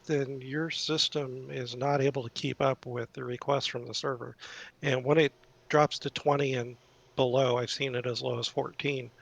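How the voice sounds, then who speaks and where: A man's voice: mid-range voice, vocal fry, muffled recording. A man on a casual voice chat, explaining server practice in a knowledgeable, matter-of-fact way with fillers. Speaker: veteran server admin and forum moderator.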